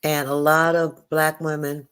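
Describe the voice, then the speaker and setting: A woman's voice: low voice, level tone, unhurried, fairly bright tone, clear, resonant tone. A woman calling in to a live show, talking earnestly with many fillers. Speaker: caller. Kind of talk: call-in chat.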